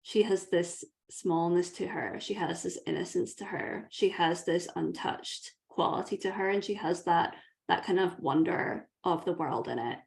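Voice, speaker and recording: Scottish woman, 30s, coach guest; lower voice, earnest reflective storytelling. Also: normal speed, vocal fry, darkish tone. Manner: earnest, vivid, uses imagery.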